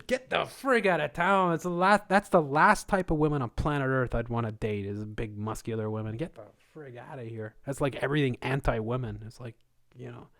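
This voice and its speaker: A man's voice: mid-range voice, fairly bright tone. Male livestream host, mid-range voice, casual conspiratorial rambler who laughs a lot. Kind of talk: live Q&A monologue.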